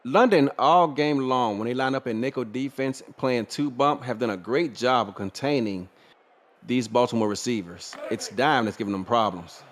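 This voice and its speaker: A man giving color commentary on a virtual football broadcast, breaking down plays in a relaxed, conversational way. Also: mid-range voice, normal speed, a little hiss or hum. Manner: conversational analysis with casual asides and small laughs. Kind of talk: live sports color commentary.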